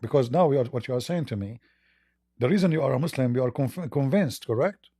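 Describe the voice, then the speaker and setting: A man with a very dark, mellow voice hosts a live call-in debate. He talks haltingly, restarting and repeating words as he presses his caller with blunt questions. The sound is dry and close. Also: medium pitch, husky, no echo. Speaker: debate host.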